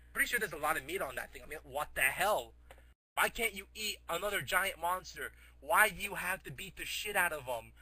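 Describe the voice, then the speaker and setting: Excitable man retelling a crude comic story. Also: high-pitched. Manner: excitable, crude, repeats catchphrases.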